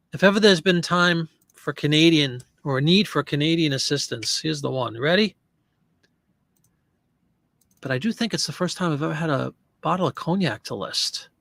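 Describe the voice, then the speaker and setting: Gravelly man chatting while listing. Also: a little high, normal speed, pauses often, a bit bright, no echo, studio quality. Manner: joking, fumbles over French pronunciation. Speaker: online reseller listing print ads. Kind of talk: casual narrated listing session.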